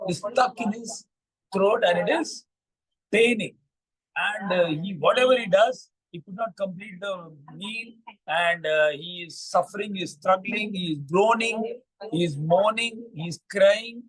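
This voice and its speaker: A man hosting a morning vlog, narrating a moral fable in a halting way with many fillers and repeats. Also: sits high, rough recording. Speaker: vlog storyteller.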